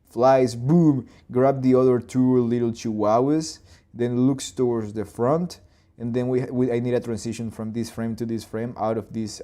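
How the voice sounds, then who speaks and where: A man in his twenties or thirties hosting a live storyboarding session, talking loosely through his ideas, with restarts and boom and plop sound effects. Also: warm tone. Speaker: animator and channel host.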